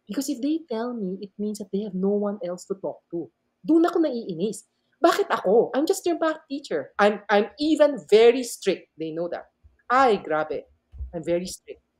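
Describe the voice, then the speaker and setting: Woman, middle-aged, Filipino accent, podcast guest, math teacher, very expressive pitch, animated storytelling. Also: moderate pace. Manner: animated, mixes Tagalog and English.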